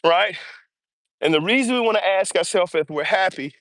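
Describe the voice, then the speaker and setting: Male livestream host, breathy on the move, energetic and chatty, high voice, dry close mic. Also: moderate pace, no echo. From US East Coast. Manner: energetic, chatty, greets viewers by name. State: audibly breathing hard while walking. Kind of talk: casual livestream chat while walking. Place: outdoors on an early-morning walk. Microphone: earbuds or small mic.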